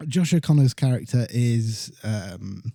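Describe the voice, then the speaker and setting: A man talks through a film review in a loose, rambling way, with the odd casual swear. His voice is very dark and mellow, recorded close and dry with no room sound. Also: mid-range voice, expressive, a little slow, vocal fry, no echo. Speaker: podcast co-host.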